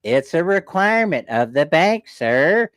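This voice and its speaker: Stiff, formal male bank clerk as a storyteller quotes him, slow, smooth voice. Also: on the high side, big pitch swings, a bit bright, dry recording, full character voice. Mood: dry.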